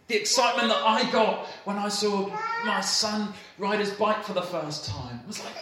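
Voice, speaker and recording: A man in his thirties, a pastor, giving a sermon in a church hall with a warm, playful storytelling manner and light laughter. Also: high-pitched, very animated, normal speed, hardly any pauses, background noise. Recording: roomy hall echo, faint ambience.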